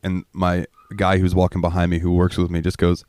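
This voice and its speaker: Deep-voiced guy on a podcast, dry close sound, laughs a lot at his own crude stories. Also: completely flat delivery, fairly quick, a little mellow, dry recording. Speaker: podcast co-host. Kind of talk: casual podcast chat.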